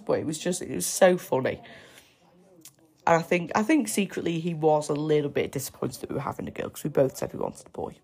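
A young woman telling a personal story on her podcast in a chatty, excitable way. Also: fairly low pitch, brisk, husky. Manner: chatty, excitable, breaks off to coo at her baby. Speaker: podcast host. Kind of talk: casual storytelling.

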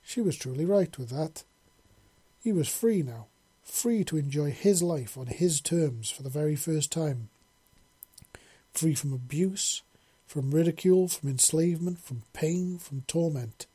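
Male audiobook narrator, slightly high, dark and husky, steady earnest delivery. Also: a little slow. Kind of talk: story narration.

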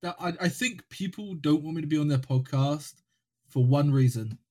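A man's voice: fairly high pitch, normal speed, a little mellow. A man chatting on a podcast who swears constantly and cracks crude jokes. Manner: crude, swearing a lot, joking. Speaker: podcast co-host. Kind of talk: casual podcast chat.

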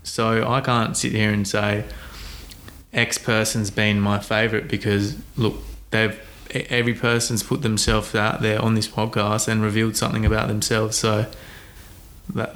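A man's voice: on the low side, level tone, normal speed, fairly bright tone. Earnest man, restarts with "look". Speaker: podcast co-host. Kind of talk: casual podcast chat.

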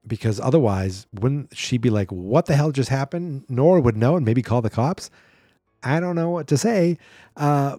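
A man's voice: mid-range voice, mellow, no echo, studio quality. A man hosting a podcast, giving a sarcastic, exasperated running recap of a horror film and briefly mimicking its characters. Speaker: podcast host. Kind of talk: casual movie recap.

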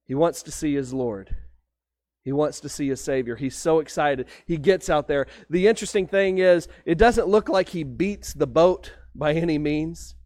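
Pastor, light high voice, storytelling sermon, dry recording. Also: male voice, normal speed, a little mellow, dry recording. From Texas. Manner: conversational storytelling preaching.

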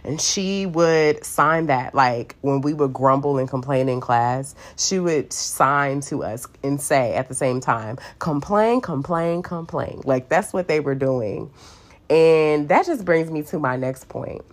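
A woman's voice: extremely low pitch, a little slow. A woman giving a casual, playful Bible talk full of fillers and asides. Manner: chatty and playful, many fillers, acts out voices. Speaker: Bible teacher. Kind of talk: casual devotional teaching.

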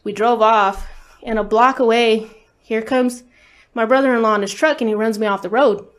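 A woman's voice: fairly high pitch, fairly even intonation, moderate pace. A woman speaking as an interview guest, telling a personal story in a casual, candid way, swearing often and leaning on fillers. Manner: candid, profane, lots of fillers.

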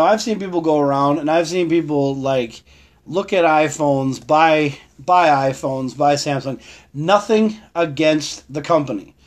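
A man hosting a casual live stream, rambling about holidays and shopping, greeting viewers by name and laughing often. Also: fairly high pitch. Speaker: livestream host.

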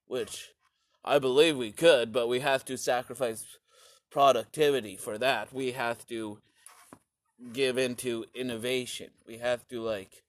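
A young man telling a crude, sarcastic comic story in rambling bursts, sometimes shouting. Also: medium pitch, slow pace, no echo. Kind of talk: rambling comedic storytelling rant.

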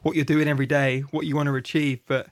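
A man's voice: a little high, flat delivery, fast. A man hosting a podcast, asking questions and reflecting in casual chat. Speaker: podcast host.

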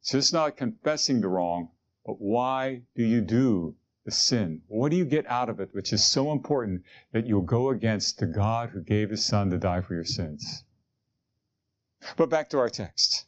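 A man's voice: mid-range voice, very animated, moderate pace, dull audio. A man preaching a sermon in an earnest, conversational way, asking his listeners questions. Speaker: pastor.

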